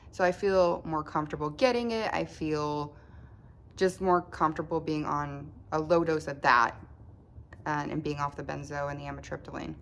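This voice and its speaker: A woman with a low, deep voice talks at home in a casual diary-style vlog. She speaks haltingly, restarting phrases and trailing off. Faint background noise hums under the recording. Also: creaky. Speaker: vlogger keeping a recovery diary.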